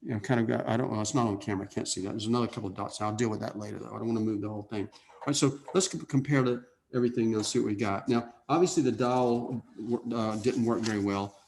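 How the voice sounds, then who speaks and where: Gravelly-voiced man demonstrating airbrush painting. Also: on the low side, quick pace, a little hiss or hum. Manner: relaxed, thinking aloud with frequent "okay?" check-ins. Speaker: art instructor.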